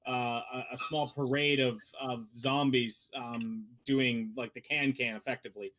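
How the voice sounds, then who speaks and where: A man's voice: medium pitch, steady tone, measured pace, a bit bright. A man running a tabletop game as game master, narrating loosely with many fillers.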